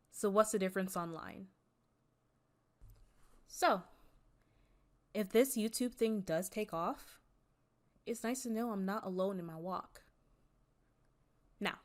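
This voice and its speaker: A young woman YouTuber, an artist, talking earnestly and candidly in a personal vlog, with a voice she herself calls Valley Girl. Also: mid-range voice. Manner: earnest and candid, mixing serious and playful.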